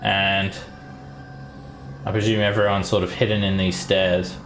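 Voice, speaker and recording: Gravelly-voiced man running a tabletop game. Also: deep voice, measured pace. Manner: relaxed, hesitant narration with fillers. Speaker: dungeon master. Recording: echoey room with faint music.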